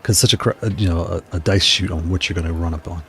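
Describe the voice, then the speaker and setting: A man's voice: low-pitched, fairly even intonation, a bit bright. A man casually commenting on his fighting game matches, trash-talking opponents and then apologizing. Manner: playful trash talk, quick apologies. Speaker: gaming streamer.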